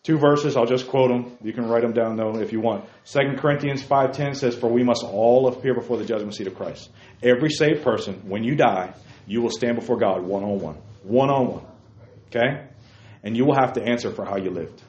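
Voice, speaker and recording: Speaking a little fast in a medium, slightly mellow voice, a man delivers a forceful sermon to young men gathered in a church room. He hammers home key phrases and addresses people by name, and the recording is roomy, dull, lo-fi and faintly noisy.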